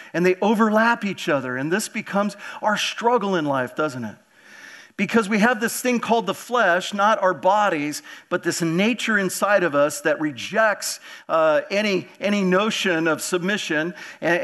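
A man preaching a sermon in a church, earnest and direct, often repeating words and asking the congregation questions. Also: high voice. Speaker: pastor.

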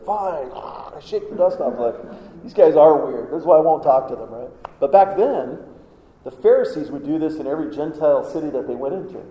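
A man preaching a sermon in a conversational way, often putting questions to the congregation. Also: fairly high pitch. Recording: echoey hall, dull sound.

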